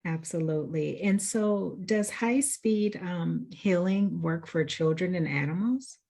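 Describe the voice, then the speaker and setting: Woman host interviewing a guest, lowish voice with some fry, lots of mm-hmms. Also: unhurried, darkish tone. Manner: brief affirming interjections. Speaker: podcast host. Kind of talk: casual interview.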